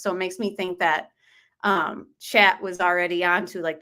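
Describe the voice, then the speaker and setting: A woman's voice: on the low side, steady tone, moderate pace, pushed and bright, clean tone. A woman hosting a true crime channel, talking casually over a replayed call-in show and greeting her live chat. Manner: chatty, reacts to live chat.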